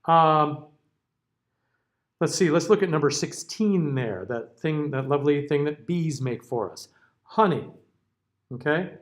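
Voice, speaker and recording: An American man with a slightly high voice walks a class through vowel sounds in a recorded lecture. He keeps it relaxed and conversational, modeling words aloud and tagging on "okay?" as he goes. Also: unhurried, pauses often. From United States. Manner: casual, checks in with frequent "okay?". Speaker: diction teacher.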